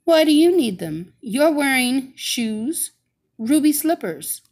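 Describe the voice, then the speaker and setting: A woman voicing a polite, puzzled young girl heroine in a storybook reading, higher than her own voice. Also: sing-song, unhurried, a little mellow, exaggerated voice.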